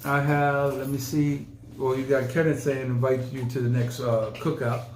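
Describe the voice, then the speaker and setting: A man's voice: mid-range voice, little pitch movement, normal speed, a little mellow, slight background noise. A man hosting a podcast in casual chat, rambling and emphatic, often repeating his words. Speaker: podcast host. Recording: roomy echo.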